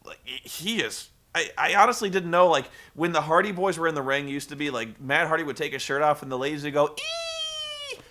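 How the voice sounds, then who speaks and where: A man recapping a wrestling show in loose, profane talk that keeps stumbling over itself. His voice sits a bit high and sounds very bright. He rambles on with frequent restarts. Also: fast, hardly any pauses. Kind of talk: casual recap commentary.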